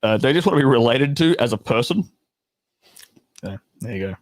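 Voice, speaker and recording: A man's voice: medium pitch, lively intonation, brisk, no room sound. Blunt, profane Australian man. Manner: profane, blunt, laughing asides. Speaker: storytelling host. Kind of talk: casual storytime chat, reacting to comments.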